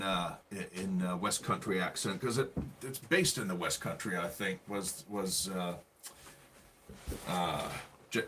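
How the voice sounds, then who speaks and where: An English man co-hosting a livestream, chatting in a relaxed, hesitant way with many fillers. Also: lowish voice, slight background noise. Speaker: livestream co-host. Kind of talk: casual chat.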